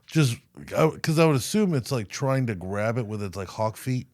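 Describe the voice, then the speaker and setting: A man's voice: mid-range voice, normal speed, no echo, clean studio sound. A man co-hosting a podcast, telling a news story in casual, profane, joking chat. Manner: profane, animated storytelling with mock voices. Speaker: podcast co-host.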